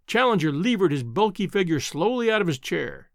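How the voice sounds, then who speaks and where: A man reading a classic novel aloud as an audiobook narrator, measured and expressive. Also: sits high, no echo, clean studio sound.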